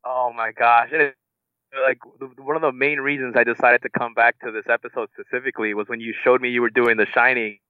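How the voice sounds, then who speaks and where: A man's voice: mid-range voice, level tone, quick pace, clear, resonant tone, no echo. Hesitant man on a tinny phone-like line. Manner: hesitant, many fillers. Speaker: podcast guest. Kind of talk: casual anecdote.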